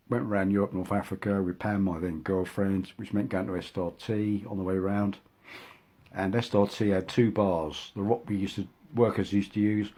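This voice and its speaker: A man's voice: dark tone, slightly rough. An older man from England telling a casual, rambling anecdote, with frequent restarts and asides. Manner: acts out quotes in a higher voice. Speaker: storyteller.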